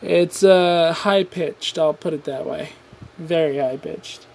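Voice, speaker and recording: A man's voice: fairly high pitch, slow, vocal fry, darkish tone. A tired man hosting his own podcast, rambling through a casual solo rant with offhand swearing and self-deprecating asides. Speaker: podcast host.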